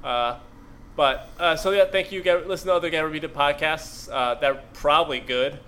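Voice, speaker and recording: Male podcast co-host, a bit high and smooth, rambling jokey chat full of fillers. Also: normal speed, fairly bright tone. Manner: rambling, joking, filler-heavy. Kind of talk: casual chat.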